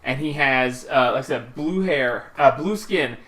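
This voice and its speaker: Bright-voiced man narrating a game. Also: medium pitch, a little slow. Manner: rambling, filler-heavy scene description. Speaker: game master.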